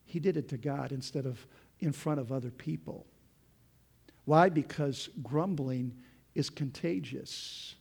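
A male pastor with a high voice delivers a sermon. He is impassioned and often rises in pitch and volume as he speaks. He keeps checking in with his listeners. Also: creaky, darkish tone, husky. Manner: impassioned, often raises voice when voicing prayers and quotes; addresses the congregation with "folks" and "okay?".

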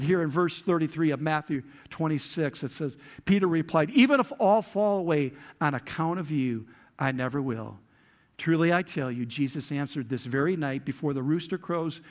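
A male pastor preaching a sermon, retelling a scripture story with lively acted-out quotes. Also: high-pitched. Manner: animated storytelling, acts out quotes with rising intensity.

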